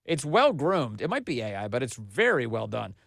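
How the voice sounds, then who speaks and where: A man's voice: medium pitch, sing-song, normal speed, creaky, dry recording. Mocking male podcast host, dry sound. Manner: mocking, sarcastic, laughing. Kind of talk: political commentary.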